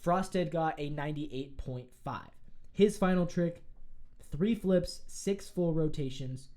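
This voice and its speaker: Excitable sports podcast host. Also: mid-range voice. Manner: excitable, opinionated, talks in quick bursts with restarts. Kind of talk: casual sports commentary.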